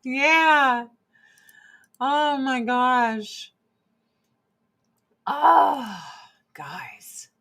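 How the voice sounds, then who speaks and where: A woman in her forties chatting casually and profanely on a livestream, answering chat between product pitches. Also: bright, forceful tone. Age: 40s. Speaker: livestream host and Avon seller.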